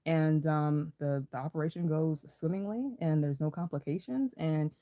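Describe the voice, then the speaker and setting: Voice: medium pitch, moderate pace, mellow. A livestream host in a casual, rambling chat, swearing freely and greeting viewers in chat by name with a playful laugh.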